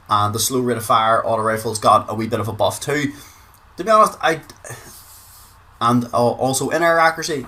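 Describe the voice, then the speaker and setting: A man's voice: medium pitch, pushed and bright. A man with a Northern Irish accent giving casual gaming commentary, chatty, swearing freely and repeating words for emphasis. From Northern Ireland. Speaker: gaming video creator.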